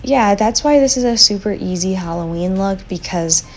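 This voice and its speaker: A young woman talking through a makeup tutorial in a chatty, relaxed, slightly slow and sleepy voiceover recorded as a voice memo. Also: mid-range voice, faint music behind. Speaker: beauty vlogger.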